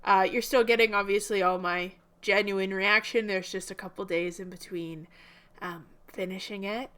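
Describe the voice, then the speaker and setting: A woman's voice: mid-range voice, steady tone, moderate pace, fairly bright tone, clear, resonant tone. A young woman hosting a movie reaction, chatting casually to her viewers in a slightly subdued way.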